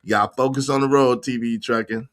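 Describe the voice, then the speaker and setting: Bright-voiced joking man hosting a livestream. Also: mid-range voice, steady tone, fast talker. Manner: loud, joking banter with shout-outs to viewers. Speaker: livestream show host. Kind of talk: casual livestream chat.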